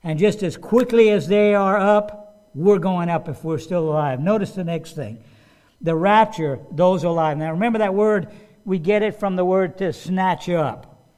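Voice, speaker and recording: High-voiced animated male preacher. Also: a little slow, clear, resonant tone. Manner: animated preaching, repeats words when restarting, raises voice for quoted commands. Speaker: pastor. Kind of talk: sermon.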